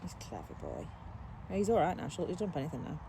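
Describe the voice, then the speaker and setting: A woman's voice: low voice, wildly swooping pitch, fast, vocal fry, noisy background. A woman coaching from the ground outdoors, encouraging and calling out instructions. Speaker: riding coach. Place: outdoors at a cross-country course.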